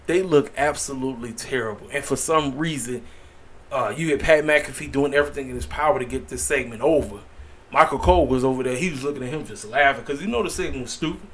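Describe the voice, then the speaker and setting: A man's voice: medium pitch, fairly quick, a bit bright. A man giving a casual opinion rant as a wrestling vlogger, exasperated and repetitive, with slangy asides.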